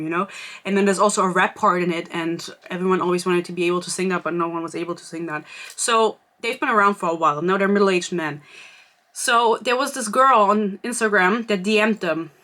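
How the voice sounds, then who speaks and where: A woman's voice: on the low side, steady tone, brisk, a bit bright. A young woman from Germany hosting a podcast, telling a gossipy story in casual chat and filling her talk with "like". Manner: chatty, gossipy storytelling with frequent "like" fillers. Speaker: podcast host.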